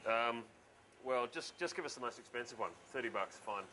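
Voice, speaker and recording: An actor with a New Zealand accent playing a blunt, swearing would-be politician who quickly gets indignant. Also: male voice, medium pitch, pushed and bright, slight background noise, close to an everyday voice. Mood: bossy. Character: brash, blustering male would-be politician. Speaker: election candidate. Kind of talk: mockumentary acting.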